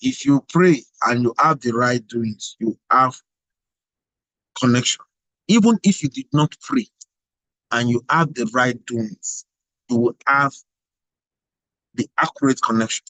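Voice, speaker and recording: A man's voice: mid-range voice, a little slow, long pauses, fairly bright tone, dry recording, low-quality recording. Male leader, preachy and repetitive, dry close recording. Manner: emphatic, repetitive, rhetorical questions. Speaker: global president of organization. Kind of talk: motivational address.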